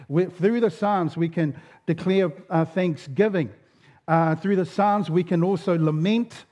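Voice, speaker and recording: A pastor preaches in a loose, chatty way, stumbling and restarting often. His voice sounds worn and sits high for a man. The recording is dull and lo-fi. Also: measured pace, a little mellow. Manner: casual storytelling, many fillers and restarts. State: voice going. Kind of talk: sermon.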